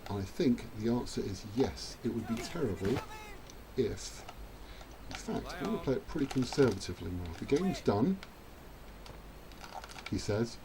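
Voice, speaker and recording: A man's voice: medium pitch, very animated, normal speed, long pauses, crowd noise. A man chatting his way through a rugby video game, self-mocking and now and then cheering at the screen. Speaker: gaming channel host. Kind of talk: let's-play commentary.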